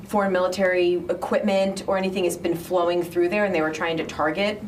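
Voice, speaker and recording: A woman with a fairly low voice questions an official at a press briefing in a direct, methodical way. She sits some distance from the microphone, and a faint hiss stays under her voice. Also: flat delivery, a little fast. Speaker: reporter. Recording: distant mic with faint noise.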